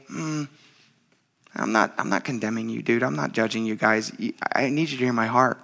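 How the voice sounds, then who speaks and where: Bright, earnest man preaching a sermon. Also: mid-range voice, normal speed, creaky. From United States. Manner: earnest and conversational, often calling the congregation "you guys". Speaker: pastor.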